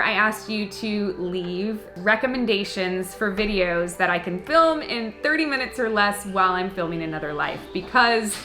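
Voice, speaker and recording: A bright, ringing woman's voice, talking frankly and joking with her viewers as she works through their comments. She laughs easily and keeps it loose and candid. The room around her is echoey. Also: medium pitch. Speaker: actress answering viewer comments. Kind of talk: casual chat to camera.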